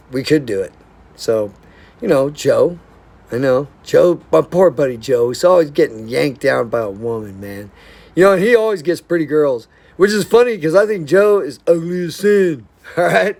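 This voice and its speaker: A man's voice: on the high side, animated, normal speed, a little mellow. A man talking in a rambling, casual monologue, blunt and profane but affectionate and heartfelt. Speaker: vlogger.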